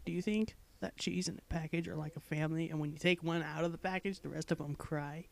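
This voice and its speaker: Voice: medium pitch, fairly even intonation, quick pace, gravelly, slight background noise. A young adult blogger casually reading blog posts aloud late at night, giddy and breaking into fits of laughter.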